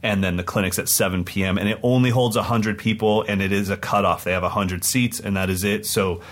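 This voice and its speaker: Excited male podcast host, lowish voice. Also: a little fast. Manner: excited, rambling storytelling. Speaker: podcast co-host and touring drum clinician. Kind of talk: casual podcast chat.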